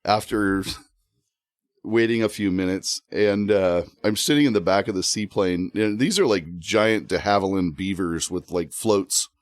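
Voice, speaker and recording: A man telling a funny story as a podcast guest, animated and often laughing. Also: low voice, unhurried, no echo, studio quality. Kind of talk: casual storytelling.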